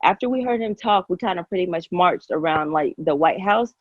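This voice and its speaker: Woman guest gushing away, kinda husky, dull lo-fi sound. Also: on the low side, animated, fairly quick, dry recording. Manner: emotional, effusive, rambling with many fillers. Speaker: podcast guest. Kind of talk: casual conversation.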